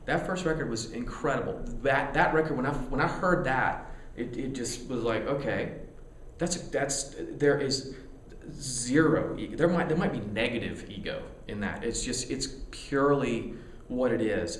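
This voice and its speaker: A musician being interviewed, talking candidly in a rambling, excitable way, full of stammered restarts and casual swearing. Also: male voice, mid-range voice, reverberant, slight background noise.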